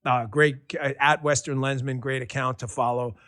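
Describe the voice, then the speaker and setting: A man from Queens hosting a political talk show, loud, passionate and profane, mocking his opponents with sarcasm. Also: mid-range voice, steady tone, normal speed. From Queens, New York. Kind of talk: heated political commentary.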